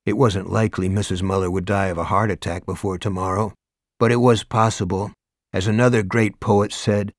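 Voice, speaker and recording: Man, audiobook narration, low voice, dry close recording, wry. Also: steady tone, brisk, dry recording. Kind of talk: scripted narration.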